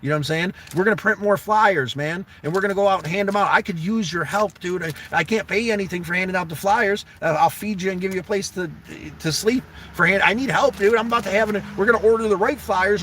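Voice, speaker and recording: A man's voice: high voice, fairly bright tone, distant mic, slight background noise. Earnest, pleading man, slightly raised voice. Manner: earnest and pleading, profane, repeats "man" and "dude". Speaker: livestream host. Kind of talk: casual heartfelt livestream talk.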